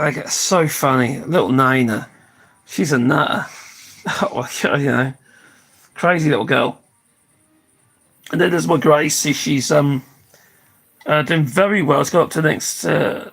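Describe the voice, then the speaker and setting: Older live-stream host, gravelly and husky, tired and hoarse, chatty and prone to casual swearing. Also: mid-range voice, a bit bright, low-quality recording. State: tired, losing voice.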